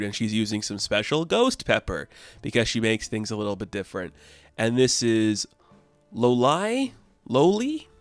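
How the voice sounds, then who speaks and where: A man with a fairly low voice gives a casual, upbeat comic book review, chatting along and laughing now and then. He is recorded up close in a dry room. Faint music plays underneath. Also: no room sound. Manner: chatty and upbeat, laughs often, small restarts.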